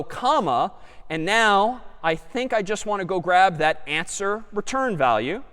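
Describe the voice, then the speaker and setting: A man giving a live computer science lecture, thinking aloud as he works through a demo. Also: high-pitched. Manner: lively and animated, thinking aloud. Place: large lecture hall. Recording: lecture hall with long reverb.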